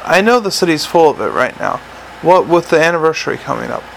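A man's voice: a little high, sing-song, fast, vocal fry, fairly bright tone, slight background noise, full character voice, low-quality recording. A man reading the part of a weary male watch commander in an audiobook, curt, dry and sardonic.

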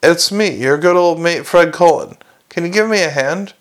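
A man's voice: fairly high pitch, moderate pace, close to an everyday voice. A man reading aloud and voicing an anxious, bumbling middle-aged city watchman who pleads for help. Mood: pleading.

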